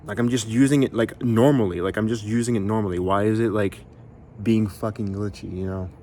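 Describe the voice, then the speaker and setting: A young musician vlogger airs his frustrations to camera in a lowish, warm voice, talking a little fast with fairly even intonation. He rambles, sounds exasperated, and fills his speech with fillers and swearing as he addresses viewers, with slight background noise present.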